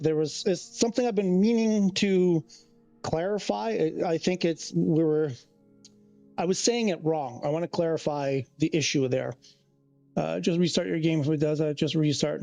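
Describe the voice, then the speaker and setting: A man's voice: fairly high pitch, mellow, dry recording. A man hosting a casual live stream, rambling, restarting his sentences and reading chat messages aloud. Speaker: livestreamer.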